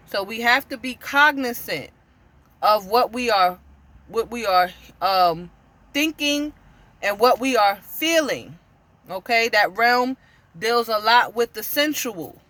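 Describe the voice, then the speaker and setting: A woman giving an informal sermon to camera, earnest and full of direct questions, often repeating herself and pausing with "you know" and "um". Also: medium pitch, bright, forceful tone. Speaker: spiritual teacher.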